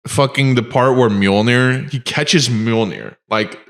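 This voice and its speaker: A man's voice: medium pitch, takes it slowly. A man co-hosting a casual podcast, telling stories in a loose, profane way and acting out lines as he goes. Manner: animated, profane storyteller who acts out quotes. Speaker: podcast co-host.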